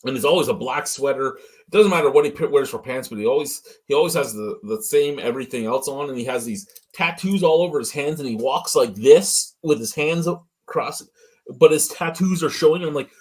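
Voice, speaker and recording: A man's voice: mid-range voice, brisk, darkish tone, breathy edge. A man co-hosting a casual beer review chat, ranting with lots of swearing and getting worked up. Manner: profane, ranting, gets worked up. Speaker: beer review show co-host.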